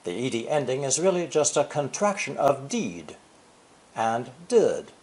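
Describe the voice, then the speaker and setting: An older male English teacher delivers a scripted, explanatory lesson at a measured, deliberate pace. His middle-register voice has a darkish, sing-song tone, rising and falling broadly as he stresses key words with sweeping intonation.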